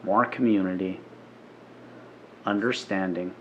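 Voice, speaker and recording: A man's voice: low voice, steady tone, measured pace, a bit bright, muffled recording, a little hiss or hum. Emphatic, swearing man in casual talk. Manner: emphatic, profane, repeats his points. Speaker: podcast co-host. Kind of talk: casual drinking chat.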